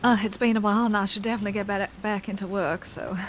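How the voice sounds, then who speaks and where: Casting note: a woman playing a chatty ranch-family woman, mid-pitched, good-humoured. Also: fairly even intonation, quick pace, slight background noise, rough recording. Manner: chatty, self-deprecating, laughs often. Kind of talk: in-character western roleplay chat.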